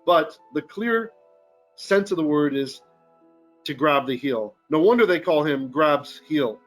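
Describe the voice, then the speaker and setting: Man, rabbi teaching bible text, animated and joking, slightly high voice, faint music behind. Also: measured pace. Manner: animated, jokey teaching with frequent "right?" asides. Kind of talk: live-streamed Bible lesson. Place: Philippines.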